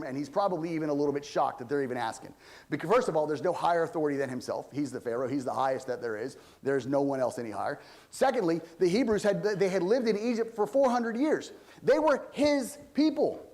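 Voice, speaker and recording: A man preaching a sermon as pastor, in a conversational way with many asides, swinging between loud emphatic stretches and low quiet ones.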